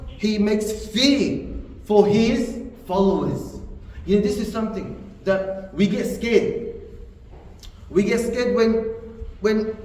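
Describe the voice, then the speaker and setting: A man's voice: sits high, a little mellow. A man giving an earnest sermon in a mosque, often repeating phrases for emphasis. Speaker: preacher. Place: mosque hall. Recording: echoey hall, distant mic, faint noise.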